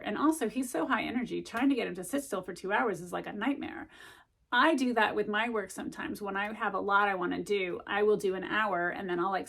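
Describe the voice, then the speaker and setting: A woman's voice: medium pitch, creaky. A middle-aged woman chatting casually to camera as a vlogger, rambling with lots of ums and likes as she gives study tips.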